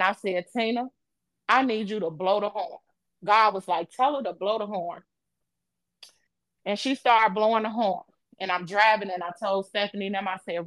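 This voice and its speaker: A woman's voice: medium pitch, dry recording. A woman on a podcast, retelling an emotional personal story in vivid, casual speech. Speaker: podcast co-host.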